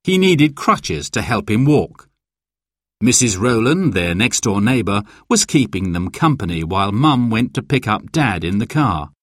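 Slow, expressive storybook narrator man. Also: lowish voice, dry recording, studio quality. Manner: clear, expressive, deliberate. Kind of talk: children's storybook reading.

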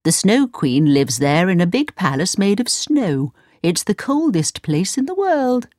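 A woman's voice: fairly low pitch, big pitch swings, unhurried, darkish tone, dry recording, studio quality. A woman reading a storybook aloud, voicing a helpful talking pigeon that tells what it saw. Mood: informative.

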